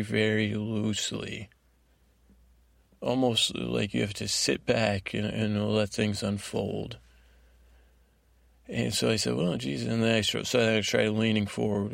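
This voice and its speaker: A man hosting a podcast, telling a meandering improvised bedtime story in a halting, self-interrupting way. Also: fairly low pitch, creaky, no echo, studio quality. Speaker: podcast host.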